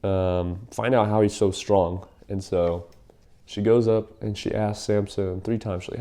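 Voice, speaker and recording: A man's voice: lowish voice, level tone, measured pace, dark tone. A young man casually retelling a Bible story in a rambling, slangy way, with lots of fillers.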